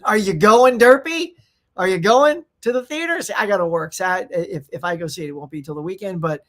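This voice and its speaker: A man chats casually on his pop culture live stream. He rambles excitably, often restarting his sentences and breaking into laughter. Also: sits high. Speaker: pop culture show host.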